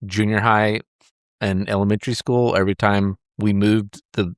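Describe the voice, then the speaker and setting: A man hosting a podcast chats in a thoughtful, laid-back way. His voice sits on the low side, and he is recorded close on a dry mic. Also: little pitch movement, moderate pace, clean tone, no room sound. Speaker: podcast host. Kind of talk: casual chat.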